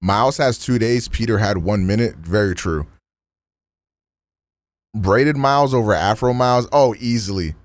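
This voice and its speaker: A man's voice: lowish voice, normal speed, long pauses, no room sound, studio quality. A man streaming in a loose, slangy casual chat, full of restarts and fillers.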